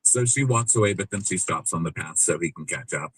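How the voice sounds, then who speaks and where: Animated man retelling a scene. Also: low-pitched, brisk, slightly rough, rough recording. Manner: animated storyteller who acts out scenes. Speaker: podcast co-host. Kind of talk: casual podcast recap of a reality show.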